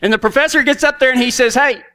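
A man's voice: extremely high pitch, racing, bright, forceful tone, smooth. A middle-aged man with a Texan accent, telling a folksy story as a cowboy preacher in a sermon. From Texas.

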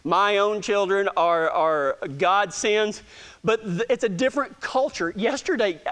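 A man's voice: high voice, unhurried, a bit bright. A man with a Texan accent, talking casually to a gathering in a folksy, self-joking way and often stammering and restarting his sentences. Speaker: speaker addressing a gathering. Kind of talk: casual storytelling talk to an audience.

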